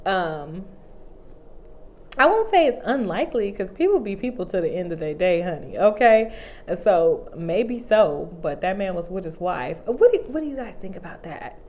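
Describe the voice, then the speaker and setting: A woman hosting her own vlog, chatting casually and animatedly to her viewers. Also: on the high side. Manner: chatty and animated, full of "like" and "honey". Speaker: vlog host. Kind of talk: casual chat to camera.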